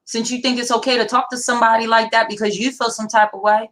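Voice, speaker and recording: A woman's voice: a little high, flat delivery, fast, fairly bright tone, low-quality recording. A young woman, talking bluntly and defiantly with heavy profanity in a casual livestream discussion. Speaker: livestream co-host.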